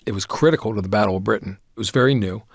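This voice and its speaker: A man's voice: lowish voice, very fast, dry recording, clean studio sound. A man talking as a guest in a podcast interview, thoughtful and discursive, laughing easily. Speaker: series creator, guest. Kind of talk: conversational interview.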